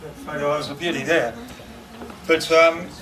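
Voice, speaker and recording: Heard on a distant mic with background noise, a middle-aged eulogist rambles through a memorial speech, laughing through anecdotes and using lots of fillers. He speaks at normal speed in a fairly high, steady voice.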